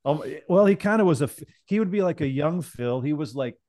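A man spins a story in loose podcast chat, swearing freely and slipping into other people's voices as he goes. His tone is mellow and relaxed. The sound is dry and close. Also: on the high side, brisk, dry recording. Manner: animated, swears, acts out other people's lines. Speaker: podcast guest telling a story.

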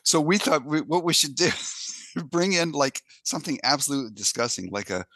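A man's voice: on the high side, expressive, fairly quick, fairly bright tone, no echo. A man co-hosting a casual comedic podcast, telling rambling stories and laughing as he goes. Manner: rambling storyteller, laughs mid-story. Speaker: podcast co-host.

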